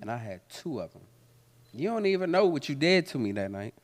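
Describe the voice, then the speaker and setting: A man hosting a candid talk, telling personal stories full of swearing and laughter, then turning quiet and reflective. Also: medium pitch, very animated, fairly quick. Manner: profane, laughs often while telling stories; turns quiet and reflective when serious. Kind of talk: candid storytelling conversation. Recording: long hall reverb.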